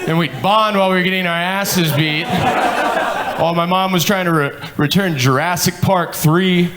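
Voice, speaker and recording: Guy doing stand-up in a club, kinda high voice, crowd laughing loud, swears a lot and acts out the people. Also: normal speed. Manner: profane, animated, acts out quotes. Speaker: stand-up comedian. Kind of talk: stand-up storytelling. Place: comedy club stage with laughing audience. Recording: live club with audience laughter.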